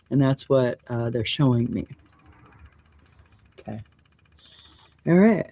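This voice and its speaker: This woman, a show host reading oracle cards live, has a rumbling low voice. Her manner is soft and affirming, and her phrases drift and start over as she puts her impressions into words.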